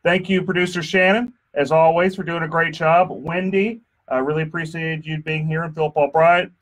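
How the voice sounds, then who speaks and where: A man's voice: on the high side, steady tone, moderate pace, fairly bright tone. A man hosting a casual radio talk show from a studio, chatty and joking, often restarting his sentences. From Texas. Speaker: radio show host and insurance attorney.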